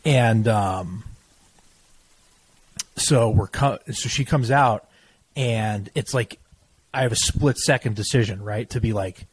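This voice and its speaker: A young man co-hosting a podcast, telling stories in a casual, profane, animated way. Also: on the low side, measured pace, husky, poor audio. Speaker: podcast co-host. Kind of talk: casual chat.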